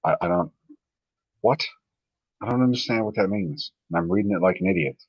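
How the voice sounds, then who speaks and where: A man's voice: medium pitch, sing-song, fairly quick, gravelly, slightly rough, no echo, muffled recording. A man hosting a live stream, reading viewer comments aloud in a casual, sardonic, profane way.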